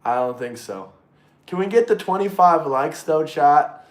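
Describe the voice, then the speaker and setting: A man hosting a casual livestream and talking to his chat, excitable, swearing freely and repeating himself. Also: on the high side, measured pace. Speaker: livestream host reading chat. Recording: roomy echo.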